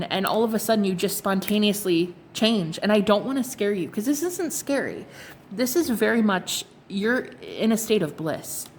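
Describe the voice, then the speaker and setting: A woman's voice: mid-range voice, a little hiss or hum. A young woman casually reading tarot cards for her viewers, chatty and rambling with fillers and restarts. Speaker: tarot card reader.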